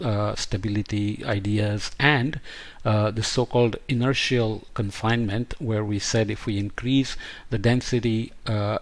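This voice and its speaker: A man giving an explanatory science lecture over slides, thinking aloud with frequent hesitant fillers and self-corrections. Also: mid-range voice.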